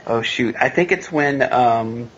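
A man's voice: medium pitch, measured pace, fairly bright tone. A man co-hosting a podcast, discussing a film casually and searching for his words. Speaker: podcast co-host. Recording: lo-fi with faint noise.

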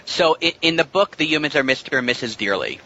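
Bright-voiced man chatting about a film. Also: fairly high pitch, lively intonation, fast talker. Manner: talkative, explains at length with many restarts. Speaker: podcast co-host. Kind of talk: casual movie discussion. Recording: lo-fi with faint noise.

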